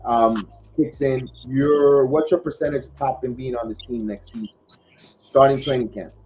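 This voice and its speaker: A man's voice: medium pitch, steady tone, normal speed, darkish tone, a little hiss or hum. A man hosting a casual sports podcast, talking in a rambling way with lots of fillers and restarts. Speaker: podcast host. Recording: dull lo-fi podcast audio.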